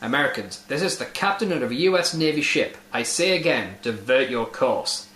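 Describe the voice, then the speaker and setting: A man's voice: mid-range voice, lively intonation, normal speed, pushed and bright. A man voicing a self-important male US Navy captain who makes demands over the radio, in a roomy, echoey recording. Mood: imperious.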